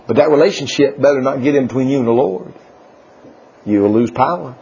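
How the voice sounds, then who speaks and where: Husky, animated preacher man. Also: medium pitch, brisk. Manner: animated, laughing, swings from loud to hushed. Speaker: pastor. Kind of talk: folksy sermon. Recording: dull lo-fi church recording.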